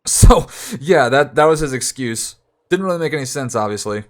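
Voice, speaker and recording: A man's voice: medium pitch, lively intonation, a little slow. A young man streaming, telling a story in casual, rambling talk full of restarts, sometimes acting out other people in raised voices.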